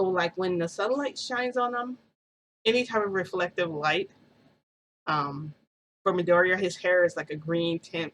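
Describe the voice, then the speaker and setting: A woman's voice: on the low side, a bit bright, slight background noise, poor audio. A woman vlogger casually telling a first-person story, rambling and full of "like" fillers.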